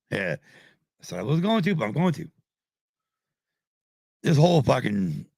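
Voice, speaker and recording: A man's voice: low voice, vocal fry, dry recording, clean studio sound. A man in his fifties, a podcast host, ranting angrily with heavy swearing on a live stream. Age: 50s. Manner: angry, swearing, heated. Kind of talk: profane live-stream rant.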